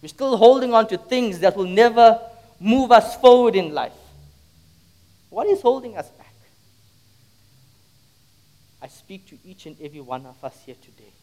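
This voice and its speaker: High-voiced man preaching a sermon. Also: animated, normal speed, pauses often, dark tone. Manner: dramatic storytelling with repeated rhetorical questions. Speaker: pastor. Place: church.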